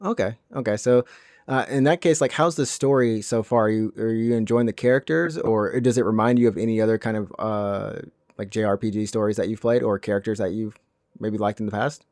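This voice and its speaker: A man's voice: lowish voice, darkish tone, no echo, clean studio sound. A man co-hosting a podcast in casual chat, asking questions and laughing easily. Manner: asks questions, quick to laugh. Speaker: podcast co-host.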